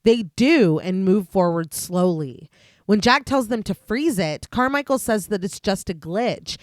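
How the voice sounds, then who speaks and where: A woman co-hosting a podcast, narrating a detailed film plot recap in a steady voice. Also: mid-range voice, dry recording, clean studio sound. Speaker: podcast co-host.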